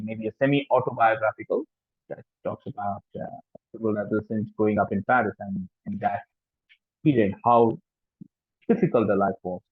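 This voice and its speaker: A man's voice: fairly low pitch, breathy edge, dry recording. A man with an Indian English accent gives an informal lecture as a French language teacher, hesitant, with many fillers and restarts. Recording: tinny phone-like sound, dry.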